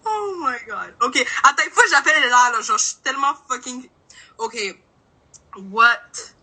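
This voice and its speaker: Young Montreal woman, Québécois accent, starstruck fan on a phone video call; very bright tone. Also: high voice, big pitch swings, moderate pace, poor audio. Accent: Québécois French. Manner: starstruck, frantic, switches between English and French. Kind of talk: excited live chat.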